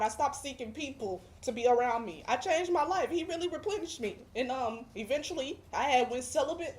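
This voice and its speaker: A woman's voice: sits high, a little mellow, slight background noise. Emphatic woman giving a faith testimony. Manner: emphatic, preacher-like repetition. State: emotional, near tears at times. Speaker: guest. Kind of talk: religious testimony.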